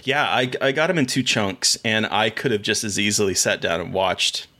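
A man's voice: on the low side, lively intonation, moderate pace, bright, forceful tone. Rambling man co-hosting a film podcast. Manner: rambling, enthusiastic, many restarts. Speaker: podcast co-host. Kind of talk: casual chat about films and shows.

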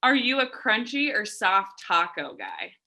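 A woman's voice: medium pitch, huge pitch swings, unhurried, creaky, pushed and bright. A woman co-host quizzing guests in an upbeat, chatty way, using many fillers. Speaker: podcast co-host. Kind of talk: casual chat, quizzing guests.

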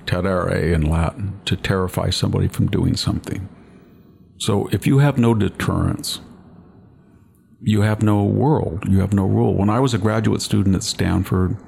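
An older man with a very low, heavily gravelly voice hosts a commentary chat. He lectures emphatically and drifts into long personal anecdotes. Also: measured pace, darkish tone. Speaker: podcast host.

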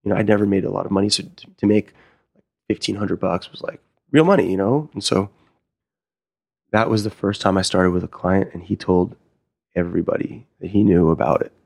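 Gravelly low-voiced man telling stories. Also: brisk, dry recording, clean studio sound. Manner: animated, acts out quoted dialogue. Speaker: sommelier and wine consultant. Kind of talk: casual interview storytelling.

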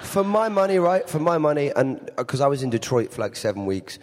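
A man's voice: a little high, big pitch swings, fairly quick, long reverb tail. A man with an English accent, chatting casually as an actor guest, rambling and restarting his sentences. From England. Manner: rambling, self-interrupting, laughs often. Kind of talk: casual interview chat. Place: convention venue.

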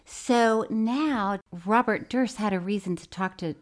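A woman co-hosting a podcast, casually recapping a crime documentary with a teasing, playful manner and frequent laughter. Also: a little slow. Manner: teasing, playful, laughs often, drops to a low mutter for asides. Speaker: podcast co-host.

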